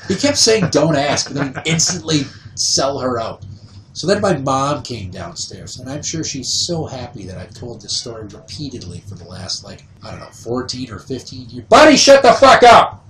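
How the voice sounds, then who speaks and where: A man in his thirties tells stories casually on a podcast, his pitch swinging wide as he acts out other people's voices. He sits back from the mic, and the room adds a noticeable echo. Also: animated, moderate pace, a bit bright, a little hiss or hum. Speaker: podcast host. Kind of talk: casual storytelling. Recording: roomy sound, voice distant from the mic.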